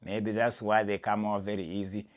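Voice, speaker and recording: A man's voice: on the low side, normal speed. A man from Kenya hosting an athletics podcast, talking straight to the listener in casual, emphatic commentary. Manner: animated and emphatic, speaks straight to the listener as "my friend".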